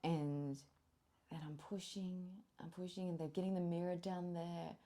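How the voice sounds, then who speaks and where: A young woman with a low voice tells her birth story as a podcast guest. She is candid and animated, swears freely and laughs often. She drops to a hush when she quotes her own thoughts. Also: measured pace.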